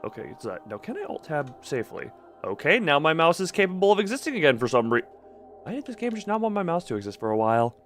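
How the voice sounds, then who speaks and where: A young man chatting on a game stream with a fairly high voice that swings up and down a lot. He rambles and jokes, tripping over words and restarting sentences as he talks to his viewers. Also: sing-song, fast, a bit bright, soft background music. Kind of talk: casual live-stream chat while gaming.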